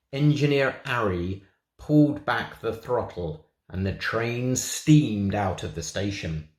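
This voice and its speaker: A man's voice: sits low, roomy sound. A man from England reads a children's picture book aloud for a synagogue, with playful, chatty asides. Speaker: storybook reader for a synagogue.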